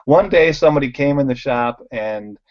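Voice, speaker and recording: A man's voice: medium pitch, moderate pace, muffled recording. A man who owns a bike shop, telling stories over slides and acting out the voices of the people in them. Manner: animated storyteller, acts out quoted voices, laughs often. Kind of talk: casual storytelling over slides.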